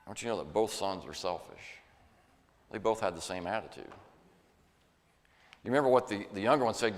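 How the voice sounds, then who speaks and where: A man's voice: fairly low pitch, a little fast, long pauses. A man preaching a sermon in an earnest, folksy way, sometimes acting out the voices he quotes. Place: church sanctuary. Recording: long church reverb.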